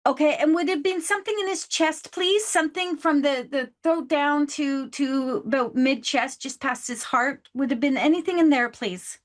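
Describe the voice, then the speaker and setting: Hosting her own live psychic reading show, a woman with a high, bright voice speaks to her caller warmly, repeatedly saying "please" and "love." She talks at a normal speed with barely any pauses.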